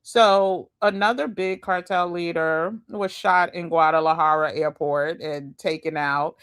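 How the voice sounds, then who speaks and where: A woman's voice: fairly low pitch, fairly even intonation, unhurried, fairly bright tone, clean tone. A woman host giving casual, chatty commentary with slangy asides and laughs as she reacts to videos.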